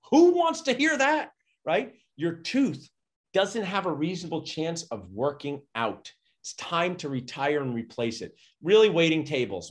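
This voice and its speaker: Middle-aged man, dentist, energetic storyteller, very lively pitch, slightly high voice. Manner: energetic, acts out quotes with big pitch jumps. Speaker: dentist and podcast guest. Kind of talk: animated storytelling conversation.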